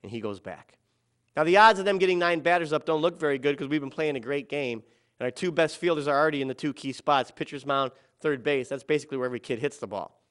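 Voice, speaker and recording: Man storyteller, high-pitched, bright tone, dramatic delivery, acts out quotes. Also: fast, clean tone. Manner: dramatic storytelling, quoting others in softened and raised voices. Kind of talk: told personal story.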